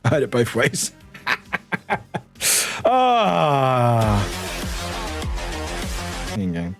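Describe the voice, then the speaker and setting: A man's voice: medium pitch, huge pitch swings, very slow. A man from the United Kingdom, a streamer, chatting casually with viewers, laughing often, swearing and reading chat aloud. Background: faint background music.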